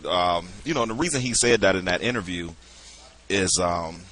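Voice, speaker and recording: Bright-voiced man telling stories, lower register. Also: moderate pace. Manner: relaxed storyteller, many "you know" fillers. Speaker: podcast guest, musician and producer. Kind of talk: casual interview chat.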